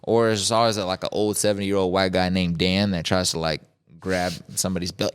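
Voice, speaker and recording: Deep-voiced joking podcast host man. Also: level tone, a little fast, clean tone. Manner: joking, profane, rambling. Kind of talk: casual podcast chat.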